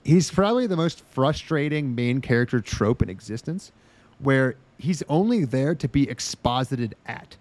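A man's voice: mid-range voice, animated, normal speed, darkish tone. A man hosting a casual podcast, recapping with sarcastic, profane rants and mocking put-on voices. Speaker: podcast host.

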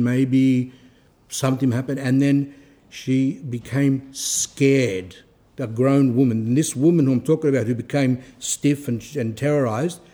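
A man's voice: mid-range voice, dark tone. A man giving an informal religious talk, telling anecdotes and acting out the dialogue. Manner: conversational storytelling, acts out dialogue.

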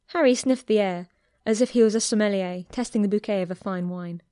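A woman reads a romance story aloud in an even, steady telling. Her voice sits at a middling pitch. The recording is dry, with no room sound. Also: a little fast, hardly any pauses, dry recording. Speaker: narrator. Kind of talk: audiobook narration of fan fiction.

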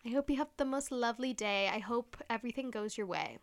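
A woman's voice: a little high, fast talker. A young woman hosting her own podcast, chatting casually on her own, gushing and full of "like" fillers, with playful, teasing asides. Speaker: podcast host. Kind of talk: casual solo podcast chat.

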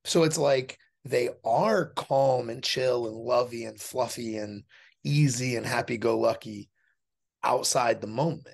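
Gravelly, husky-voiced man talking bluntly. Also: medium pitch, measured pace. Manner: blunt and profane, acts out quoted voices. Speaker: podcast guest, fighter and dog trainer. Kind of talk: casual interview talk.

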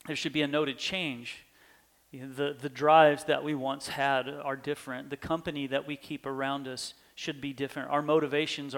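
A man's voice: mid-range voice, fairly bright tone. A pastor preaching a sermon in an earnest manner, his voice swelling with emphasis.

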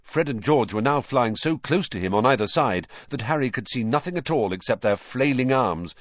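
A man narrating a children's fantasy novel in a dramatic, lively reading. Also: mid-range voice, normal speed, muffled recording. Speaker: audiobook reader. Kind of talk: storybook narration.

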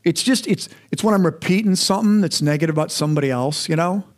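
Casting note: middle-aged man, pastor, slightly higher voice, casual and candid delivery with frequent restarts. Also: fast talker. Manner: conversational, self-deprecating, repeats words when restarting. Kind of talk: sermon.

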